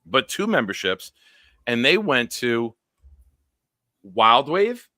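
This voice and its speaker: Bright-toned male livestream host. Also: medium pitch, big pitch swings, slow, no echo, clean studio sound. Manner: thanks viewers for gifts, conversational. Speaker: show host. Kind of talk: casual livestream chat. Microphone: video call.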